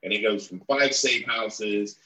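A man's voice: fairly low pitch, a little slow, bright, forceful tone, reverberant, poor audio. A middle-aged man, a guest in an interview, telling a long story and acting out the people he quotes.

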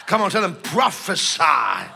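Male preacher, piercing bright voice, very lively pitch, shouts to the congregation, quiet storytelling in between. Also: normal speed, vocal fry, slight background noise. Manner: shouting call-and-response exhortation. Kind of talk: sermon. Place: church service.

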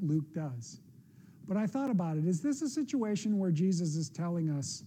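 A man's voice: high voice, dark tone, slight background noise. A middle-aged man, a pastor, preaching a sermon in an earnest, conversational way with personal asides.

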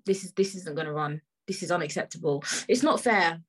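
Husky, furious woman ranting. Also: on the low side, brisk, low-quality recording. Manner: heated, repeats phrases, slangy. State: tired and upset. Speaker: podcast host. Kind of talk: angry ranting monologue.

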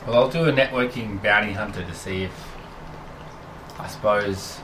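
A man's voice: fairly low pitch, normal speed, distant mic, noisy background. A man playing a tabletop game, thinking aloud tentatively. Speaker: player.

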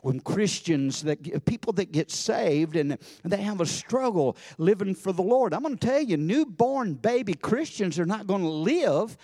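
A man preaching a sermon in a church service, folksy and full of amens, building to fervent shouts. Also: sits high, lively intonation, moderate pace, hardly any pauses, dry recording, clean studio sound. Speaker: pastor.

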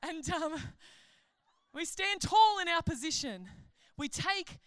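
A woman delivers a conference sermon in a high, bright voice. She talks in a chatty, animated way and jokes at her own expense. The sound is close and dry. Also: takes it slowly, dry recording. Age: adult. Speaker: conference speaker, pastor.

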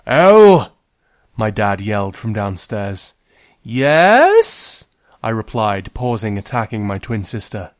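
A man's voice: fairly low pitch, level tone, normal speed, hardly any pauses, no room sound, studio quality. A man, hosting as a librarian storyteller and reading a short story aloud with wry humour. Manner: wry, gently humorous.

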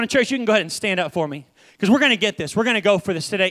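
A young man preaching a lively, conversational sermon to a church, often repeating his phrases. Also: sits high, racing.

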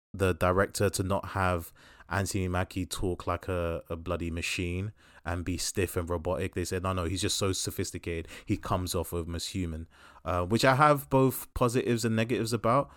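A man's voice: sits low, dry recording, studio quality. A man casually reviewing a film in a podcast chat, rambling and thoughtful with frequent fillers.

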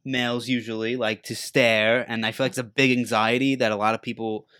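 A man's voice: mid-range voice, little pitch movement, brisk, pushed and bright, clear, resonant tone, dry recording. A young man with a New York accent hosting a casual podcast, joking around with mock announcer intros. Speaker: podcast host.

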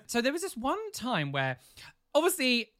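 Young co-host, casual and animated, lively bright delivery. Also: mid-range voice, normal speed. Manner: animated, acts out angry customers in shouty voices. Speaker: podcast co-host. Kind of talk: casual storytelling chat.

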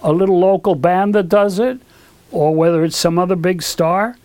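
An older man with a fairly high voice recounts stories in an interview, full of asides and restarts. He slips into other people's voices when he quotes them, which keeps his delivery lively. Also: moderate pace, no room sound. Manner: animated, acts out quoted dialogue. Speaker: guest, recording engineer. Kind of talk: storytelling in an interview.

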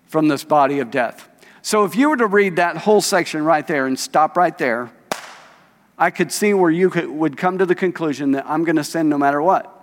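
Pastor, man, fairly high voice, casual preaching style, church hall reverb. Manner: conversational, reads scripture aloud and asks the congregation questions. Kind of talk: sermon. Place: church sanctuary.

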